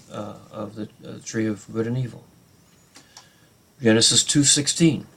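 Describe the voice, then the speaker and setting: A man teaching a Bible study lesson off the cuff, pausing and restarting often with many fillers. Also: on the low side, vocal fry, breathy edge.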